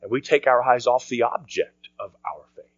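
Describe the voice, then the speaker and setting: A man preaching a sermon as pastor, earnest, often dropping to a quiet voice for emphasis. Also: mid-range voice, animated, normal speed, no room sound. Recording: dry, dull lo-fi sound.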